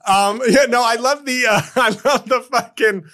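A man with a high, bright voice hosts a comedy podcast in loose, casual chat. He riffs quickly and keeps breaking into loud, exaggerated character voices. The delivery is sharp and ringing. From Haitian background. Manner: fast riffing, slips into loud put-on character voices.

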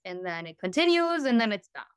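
A woman's voice: medium pitch, sing-song, brisk, clean tone, dry recording. A young woman, a podcast guest, telling her story in a casual, chatty way, full of "you know" and "like".

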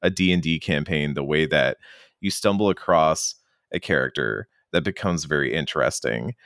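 A man's voice: very deep voice, normal speed, vocal fry, dry recording, studio quality. A man hosting a casual game discussion podcast, talking enthusiastically and animatedly. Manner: enthusiastic, animated, often mimics characters.

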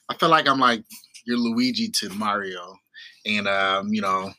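A man's voice: fairly low pitch, unhurried, sharp tone. Laid-back man from New York. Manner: laid-back, laughs often. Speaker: podcast co-host. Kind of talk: casual chat.

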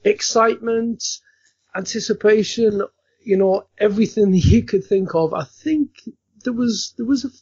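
A man's voice: high voice, dark tone, slightly rough, no room sound. A man with an Australian accent hosting a podcast in a casual, jokey, chatty way and laughing often. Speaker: podcast host. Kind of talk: casual chat. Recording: dry, dull lo-fi sound.

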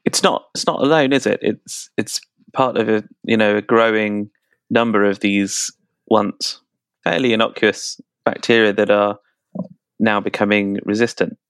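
A man's voice: lowish voice, fairly even intonation, unhurried, fairly bright tone, smooth, dry recording. A man interviewing a guest, hesitant and repeating words as he frames his questions. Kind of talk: conversational interview.

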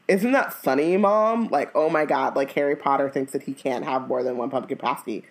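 A woman's voice: sits low, animated, normal speed, few pauses. A woman co-hosting a casual chat, retelling a story in a rambling, comic way with lots of fillers.

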